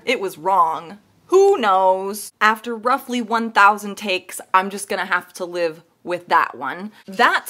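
A woman's voice: mid-range voice, bright, forceful tone. A woman chatting casually to the camera as a musician host, talkative and self-deprecating with frequent laughs. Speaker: ukulele cover musician and channel host.

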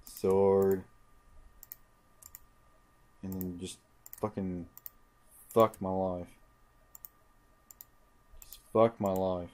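This gaming channel host is a young man whose low-pitched, slightly mellow voice barely moves in pitch. He speaks extremely slowly with long pauses, muttering and swearing nonstop in frustration as he commentates his own let's play.

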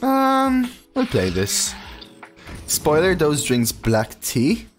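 A man's voice: a little high, huge pitch swings, drawn-out words, faint music behind. A man streaming a card game, chatting casually and reading viewer messages aloud between plays. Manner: casual, chatty, reads chat aloud and answers it.

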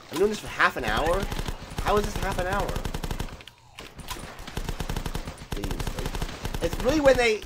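A fairly high-pitched man talks through a game he is playing and vents loudly, cursing at it. Gunfire and game noise keep going beneath his voice throughout. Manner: frustrated, swearing, ranting at the game. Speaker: gaming channel host. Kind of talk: let's play commentary.

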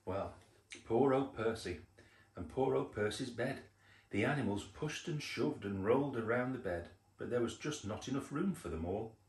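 An older man reading a picture book aloud to children, unhurried, with chatty asides about the pictures. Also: fairly low pitch. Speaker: storyteller. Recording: roomy echo.

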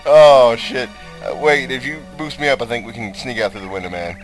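A young man giving loud, profane let's play commentary with frequent laughing outbursts. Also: medium pitch, fairly quick, faint music behind. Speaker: let's player.

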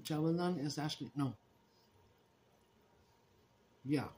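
A woman chats casually with her viewers, her voice hoarse and rough from a bad cold. She talks in an easygoing way and keeps switching between English and Spanish. There is a faint hiss behind her. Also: low-pitched, brisk, mellow. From Texas. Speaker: mukbang live-stream host.

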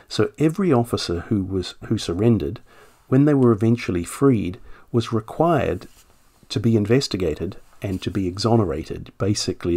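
A man's voice: fairly low pitch, a little mellow. A man who researches family history, explaining what he found in a casual, conversational way, with asides and self-corrections.

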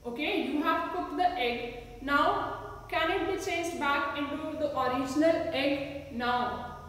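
A woman's voice: sits high, fairly bright tone, slight background noise. A woman teacher with an Indian English accent explains a science lesson while demonstrating, patiently asking her students questions. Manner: slow, patient, asks the class many rhetorical questions. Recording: echoey room, recorded from a distance.

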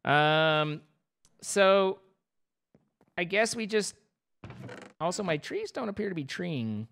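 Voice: mid-range voice, big pitch swings, slow pace, gravelly, fairly bright tone, a little hiss or hum. A young adult streamer giving playful, rambling live commentary over a game, breaking into squeals of mock panic.

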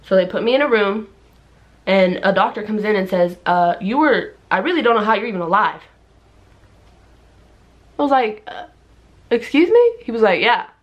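A young woman tells a story to her camera in a relaxed vlog style. Her voice sits in a middle pitch, and she acts out everyone in the tale with sudden leaps upward. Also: normal speed, long pauses, dull audio. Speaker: vlogger. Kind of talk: casual storytime.

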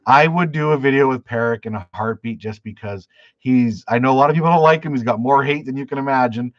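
A man's voice: mid-range voice, fast talker, no room sound, lo-fi sound. Chatty man hosting a fishing live stream. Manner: rambling storytelling with restarts, answers chat questions. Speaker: fishing channel host. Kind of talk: live stream chat, reading viewer comments.

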